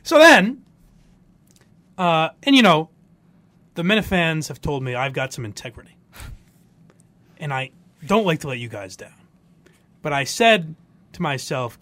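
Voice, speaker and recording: A man's voice: fairly high pitch, measured pace, long pauses. A man hosting a podcast, telling stories in casual chat and mimicking the people in them. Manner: animated storytelling, mock voices for others. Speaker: podcast host.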